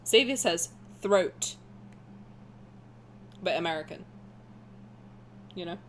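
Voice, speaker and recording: A woman in her twenties with a posh southern English accent, streaming a game and chatting through it in rambling, animated asides. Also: mid-range voice, a little hiss or hum. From south of England. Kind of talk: gaming commentary and reading aloud.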